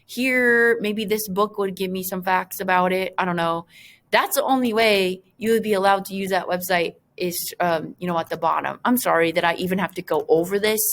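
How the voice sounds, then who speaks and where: A woman teacher walks her class through an assignment on her screen, talking in a chatty, loose way with plenty of fillers and joking asides. Her voice sits at a middle pitch, recorded on a computer mic. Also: moderate pace, a bit bright.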